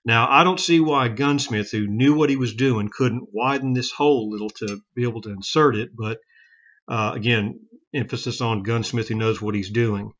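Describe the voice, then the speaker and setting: A man giving a casual how-to demonstration of taking a revolver apart, talking plainly with halting restarts and self-corrections. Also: medium pitch, fairly bright tone, lo-fi sound. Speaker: gun hobbyist demonstrating revolver repair.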